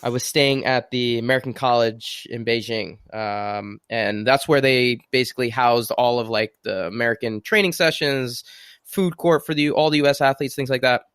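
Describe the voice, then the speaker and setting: A man hosting a podcast, telling an animated story in casual chat and acting out the quotes. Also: medium pitch, moderate pace, smooth, no echo, studio quality. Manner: lively, animated storyteller who acts out quotes. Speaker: podcast host.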